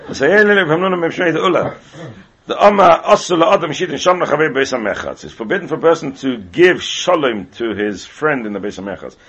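A man teaching a Talmud class, talking quickly and repeating words as he explains. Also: mid-range voice, sing-song, a bit bright, breathy edge, dull audio. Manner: rapid, heavily repeats words while explaining.

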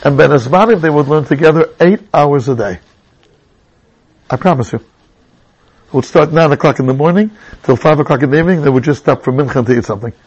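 A middle-aged man teaching a Torah class, telling personal stories with sudden high exclamations. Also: fairly quick, pauses often, darkish tone, breathy edge, dull audio.

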